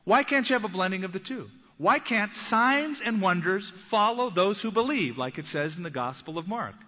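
Bright-voiced man preaching in a hall. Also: sits high, animated, muffled recording. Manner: earnest teaching tone, slows down for quoted scripture. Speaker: pastor. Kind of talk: sermon.

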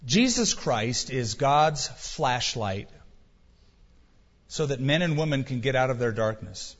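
A man's voice: mid-range voice, expressive, slow pace. Emphatic preacher man in a reverberant hall. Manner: emphatic, repetitive rhetorical questions. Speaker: pastor. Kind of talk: sermon. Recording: dull recording with long hall reverb.

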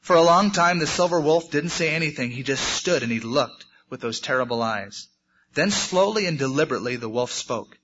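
A man's voice: a little high, lively intonation, brisk, a bit bright, slight background noise. A man, a preacher, reading a story aloud expressively within a sermon. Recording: muffled lo-fi recording.

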